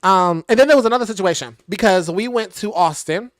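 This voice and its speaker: A young man chats his way through a rambling storytime, animated and full of fillers. His voice sits a little high and comes across smooth and clear. The sound is dry, with little room echo. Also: a little fast. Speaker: tarot reader and channel host. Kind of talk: casual storytime chat. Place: home room, sitting on the floor. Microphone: device mic at a distance, no clip-on mic.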